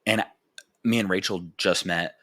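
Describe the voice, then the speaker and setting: Deep-voiced young man rambling on a podcast. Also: fairly even intonation, unhurried, bright, forceful tone. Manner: rambling, frank and profane, full of "like" fillers. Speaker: podcast host. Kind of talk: candid personal podcast monologue.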